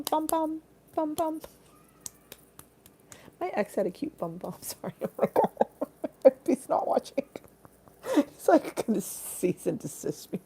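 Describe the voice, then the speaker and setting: A woman's voice: on the low side, vocal fry, darkish tone. Giggly, bawdy woman streaming live. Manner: giggly, bawdy, rambling with frequent laughs. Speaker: livestream host. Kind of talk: casual live-stream chat.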